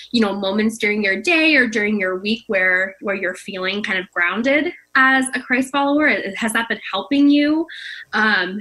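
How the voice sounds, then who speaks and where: Woman, ministry director, casual interview, friendly, hesitant, bright voice. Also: mid-range voice, poor audio.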